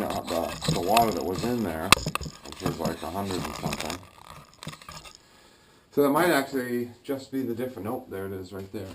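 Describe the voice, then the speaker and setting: A man talking casually as he works on his home boiler, thinking aloud with fillers and throat clearing. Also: lowish voice, darkish tone, slight background noise. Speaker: DIY builder vlogging his project. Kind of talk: casual talk-through while working. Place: garage boiler room, indoors. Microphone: action camera.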